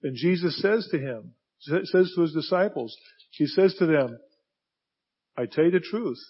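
A pastor preaching a sermon, swinging from hushed, slow emphasis to loud, forceful passages. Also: male voice, fairly high pitch, lively intonation, husky. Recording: dull lo-fi sound.

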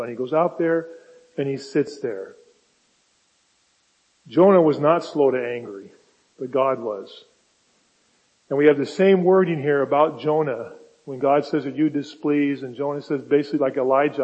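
A man's voice: a little high, normal speed, husky. A man preaching a conversational sermon, retelling scripture as a story and speaking the lines of God and Jonah in quotes. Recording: dull, echoey hall.

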